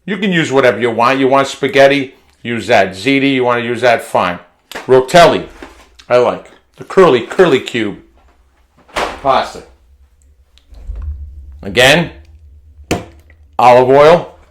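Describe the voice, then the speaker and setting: A home cooking vlogger guides viewers through a recipe in his kitchen at an easy, unhurried pace, chatty and folksy. He keeps repeating words and restarting phrases in his medium-pitched, mid-range voice, and the casual cooking demonstration carries a little hiss or hum.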